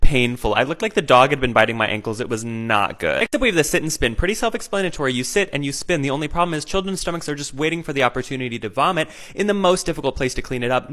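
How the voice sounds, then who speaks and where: A man doing sarcastic comedic rants and rankings in an animated, rapid-fire way. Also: medium pitch. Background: faint music.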